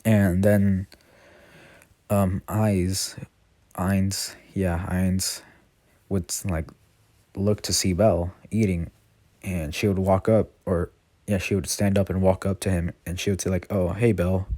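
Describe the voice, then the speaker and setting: A man's voice: low-pitched, flat delivery, slow, long pauses, warm tone, dry recording. A man casually retelling a fan story, rambling with constant fillers and self-corrections. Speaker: channel host.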